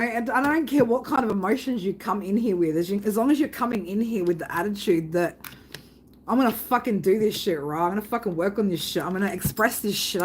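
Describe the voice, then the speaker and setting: Heard on a rough recording with slight background noise, a woman with a medium-pitched voice hosts a live tarot reading stream. She chats casually with viewers, swears constantly, often asks "right?", and laughs loudly while reading chat comments.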